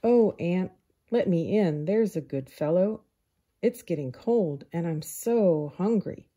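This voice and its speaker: A woman's voice: fairly low pitch, expressive, slow, mellow, husky, full character voice. Woman doing a carefree grasshopper fiddler. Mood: pleading. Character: carefree male grasshopper musician, easygoing.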